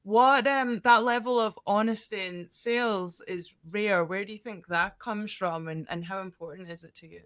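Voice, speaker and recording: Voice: mid-range voice, moderate pace, hardly any pauses, a bit bright, clear, resonant tone, no echo. Conversational podcast host, dry close sound. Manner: thoughtful, conversational questioning. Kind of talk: interview podcast.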